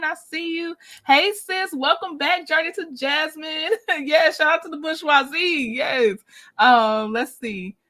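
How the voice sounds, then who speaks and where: A woman's voice: high-pitched, sharp tone. A woman hosting a casual livestream, chatting and greeting viewers by name, laughing often, then reading through documents. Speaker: livestream host.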